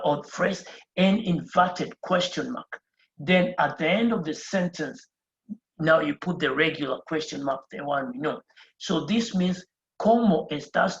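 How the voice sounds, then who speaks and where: A patient teacher walks through a beginner lesson at a board, repeating each phrase and spelling words out letter by letter. The voice sits at a middling pitch. The recording is roomy and a little dull, like a lo-fi classroom capture. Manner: patient, explaining step by step. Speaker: Spanish teacher.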